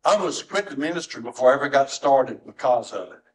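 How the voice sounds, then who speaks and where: A middle-aged man, preaching a sermon as pastor in a church, swinging from soft, low tones to high, strained cries. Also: animated, quick pace, poor audio. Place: church sanctuary.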